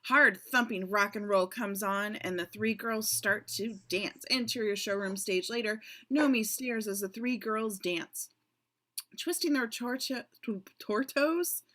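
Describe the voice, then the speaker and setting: Bright-voiced woman reading stage directions. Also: mid-range voice, unhurried. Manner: chatty, laughs and asides between directions. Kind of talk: casual script reading over video call. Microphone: home computer mic on video call.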